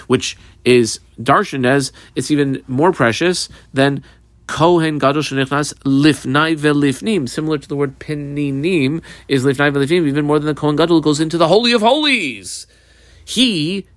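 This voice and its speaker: A man leads a Talmud class, reading out Aramaic lines and then explaining them in English, pausing often with fillers. His voice sits at an ordinary middle pitch and sounds close and dry, with no room around it. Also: no echo. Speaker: Talmud teacher.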